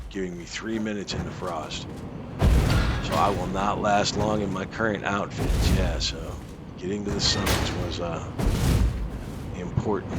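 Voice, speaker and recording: A man's voice: deep voice, very noisy. A man hosting a casual game playthrough, thinking aloud with fillers and muttered asides. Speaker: gaming channel host. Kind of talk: casual let's-play commentary.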